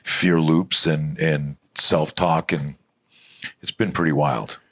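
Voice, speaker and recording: Deep-voiced middle-aged man, rambling animated storyteller, lots of restarts and swearing. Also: takes it slowly. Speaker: self-defense expert guest. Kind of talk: storytelling interview talk.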